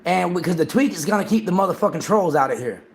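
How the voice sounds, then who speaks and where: Excitable streamer dude, high voice, swears a lot, keeps repeating himself. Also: male voice, fast talker, creaky, slight background noise. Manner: excitable, profane, repeats himself, talks over others. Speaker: livestream host. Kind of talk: casual livestream chat.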